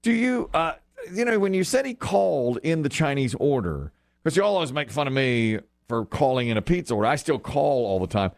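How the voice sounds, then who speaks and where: A man's voice: mid-range voice, brisk, creaky, dry recording, studio quality. A man co-hosting a casual chat, telling stories and laughing often. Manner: laughs often, animated storytelling.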